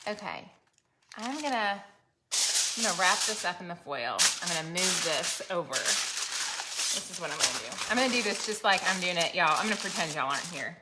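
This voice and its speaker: A woman's voice: fairly low pitch, expressive, moderate pace, very noisy. A woman, chatting to viewers in a home kitchen while she cooks, talking casually and joking about herself. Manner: chatty, self-deprecating, talks straight to viewers. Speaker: cooking vlogger. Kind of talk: casual cooking demonstration.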